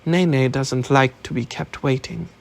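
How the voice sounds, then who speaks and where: A man's voice: mid-range voice, fairly even intonation, a little slow, creaky. A man reading an audiobook, voicing a distrustful young female rebel who speaks in curt accusations. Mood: accusing.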